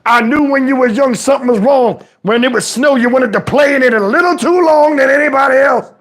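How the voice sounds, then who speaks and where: Cranky old dad yelling and preaching, a guy doing the voice, kinda high for a man. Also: fairly quick. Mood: indignant. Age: older. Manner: exasperated scolding, preachy, swears, shouts at times. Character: scolding elderly father, preachy and outraged. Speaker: comedian. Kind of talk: comedic rant in character.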